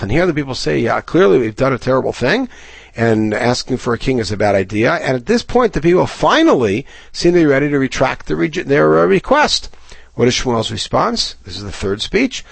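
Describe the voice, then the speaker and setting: A man's voice: mid-range voice, very animated, fairly quick, creaky, slightly rough, dry recording. A man giving a Bible lesson, reading Hebrew verses aloud and then explaining them in English. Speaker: Bible teacher. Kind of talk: recorded Torah lesson.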